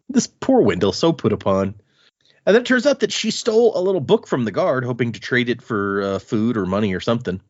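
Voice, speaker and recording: A man's voice: mid-range voice, big pitch swings, fairly quick, no echo, highs cut off. A man co-hosting a podcast, casually and animatedly retelling chapters of a book. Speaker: podcast co-host.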